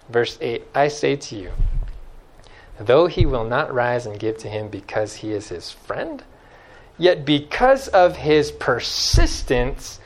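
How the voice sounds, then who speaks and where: This sermon comes from a man whose voice runs fairly high; he's emphatic, loves to repeat his key phrases, and shifts from booming stresses to near-whispers.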